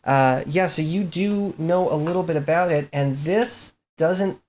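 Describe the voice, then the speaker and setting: A game master narrating a tabletop game in a halting way, full of restarts. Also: mid-range voice, darkish tone, a little hiss or hum.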